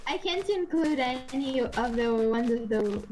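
A woman with a high voice bantering on a stream, giggly and playful. She speaks slowly, with faint music behind her. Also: expressive, a little mellow. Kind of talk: casual stream chat.

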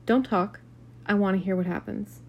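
A woman's voice: medium pitch, fairly even intonation, normal speed, a little mellow, slight background noise, natural voice. A woman doing a curt, skeptical young woman. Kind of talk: amateur read-aloud of a novel.

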